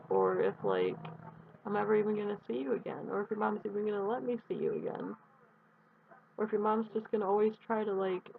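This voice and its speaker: A young woman talking in a heartfelt personal video message, earnest and rambling, with halting restarts. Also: medium pitch, vocal fry. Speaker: vlogger addressing her absent partner. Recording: tinny phone-quality audio with faint hiss.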